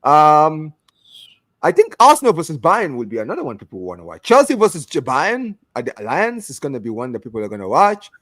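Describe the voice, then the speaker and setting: A young man co-hosting a casual football talk show, animated and repeating words as he talks over his co-host. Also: a little high, fairly quick, dry recording. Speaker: podcast co-host.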